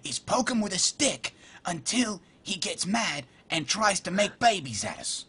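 A man putting on an excitable Australian wildlife presenter voice, with an exclamatory manner. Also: high voice, a little slow, breathy edge, pitched above the performer's own voice, full character voice. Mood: excited. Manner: enthusiastic, exclamatory.

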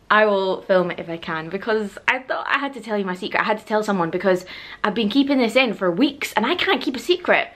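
A young woman, chatting excitedly to a handheld camera in a casual vlog and laughing often. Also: medium pitch. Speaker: vlogger.

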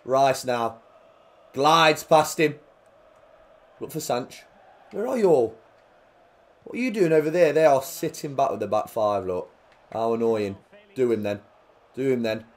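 A man's voice: mid-range voice, a little slow, long pauses. Jokey man commentating a game. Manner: jokey, swings between quiet play-by-play and loud excited outbursts. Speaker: gaming commentator.

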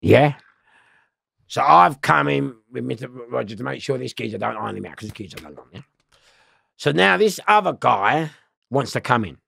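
A man's voice: mid-range voice, lively intonation, normal speed, vocal fry, sharp tone, breathy edge, no room sound, studio quality. A middle-aged man, telling rambling, slangy prison stories in a casual interview, swearing and laughing often.

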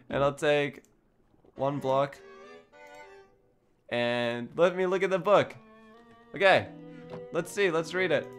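A young man streaming a game in a casual, giggly way, thinking aloud and chatting excitedly with his viewers. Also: mid-range voice, unhurried, long pauses. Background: faint background music.

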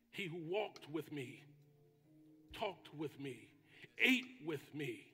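A man preaching a sermon as pastor, with dramatic pauses and bursts of shouting. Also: a little high, breathy edge, in a large hall, soft background music. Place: church sanctuary.

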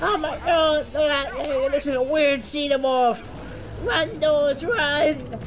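High-voiced woman yelling at a game. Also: poor audio. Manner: foul-mouthed, yelling insults at the game; excitable, frequent panicked outbursts. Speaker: gaming channel host. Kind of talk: let's play commentary.

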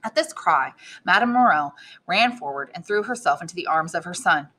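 A woman teacher reads a classic novel aloud, her tone bright and forward with a somewhat low pitch. She reads the narration steadily and lifts her voice noticeably for the characters' speech. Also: fairly quick. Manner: expressive reading, raises pitch for quoted characters. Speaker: English teacher reading aloud.

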